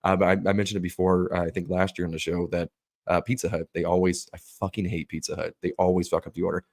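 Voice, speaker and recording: A man co-hosting a casual podcast, telling profane, animated stories and acting out the people he quotes. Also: sits low, fast, gravelly, no room sound, clean studio sound. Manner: profane, animated storytelling with put-on quoted voices. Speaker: podcast co-host.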